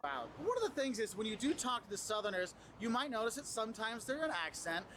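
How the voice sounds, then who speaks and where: A man presenting travel tips in casual advice to the camera, animated and acting out what other people say. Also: high voice, fast talker, slight background noise. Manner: animated, acts out quoted people.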